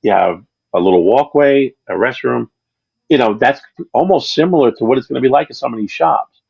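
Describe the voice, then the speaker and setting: A man's voice: mid-range voice, lively intonation, a little fast, gravelly, a little mellow, breathy edge, no echo, highs cut off. A man being interviewed about his channel, chatting casually on a livestream and telling long, rambling stories with many restarts. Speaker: channel creator, interview guest.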